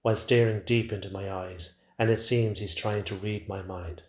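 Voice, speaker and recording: A man narrating a first-person story in a quiet, measured way. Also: on the low side, steady tone. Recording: roomy echo.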